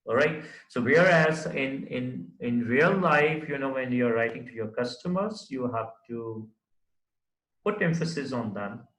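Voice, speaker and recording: Male teacher, slow lecture, lots of fillers and "right?", echoey room. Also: mid-range voice, fairly bright tone. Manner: explains with many fillers and repeated checks of "right?"; writes on the board while talking. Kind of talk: recorded classroom lecture.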